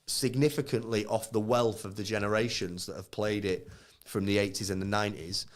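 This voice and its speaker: Guy in his 30s, chatty podcast host, does little voices when he tells a story. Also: lowish voice. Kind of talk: casual live podcast chat.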